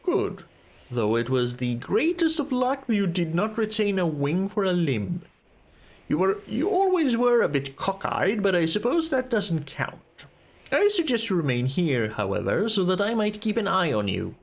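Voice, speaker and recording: A man's voice: sits high, wildly swooping pitch, normal speed, pitched above the performer's own voice, heavily acted. A man voicing a stern, weary old male wizard who speaks in a formal, grave, old-fashioned way.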